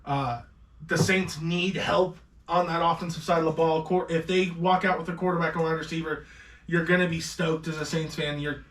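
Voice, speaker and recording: A man's voice: on the high side, reverberant, recorded from a distance, slight background noise. A man hosting a casual podcast mock draft, giving confident, opinionated picks with the odd swear. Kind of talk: casual sports chat.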